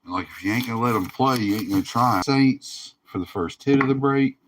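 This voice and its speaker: A man's voice: medium pitch, fairly quick, a bit bright. A tired man hosting a live card break stream, talking in a laid-back, drawling way and laughing often. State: tired, yawning. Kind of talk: casual livestream commentary.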